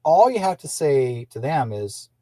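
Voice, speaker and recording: Male radio host with a husky, dry voice; casual rambling monologue. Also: medium pitch, very animated, a little slow, dark tone, no echo. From British Columbia, Canada. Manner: rambling, with restarts and acted-out quotes.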